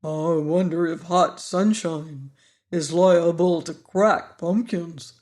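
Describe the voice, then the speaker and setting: A man reading an audiobook and voicing an anxious, polite pumpkin-headed man who talks slowly and sighs with worry. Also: high voice, warm tone. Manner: slow, fretful, sighing delivery. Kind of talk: audiobook character voice.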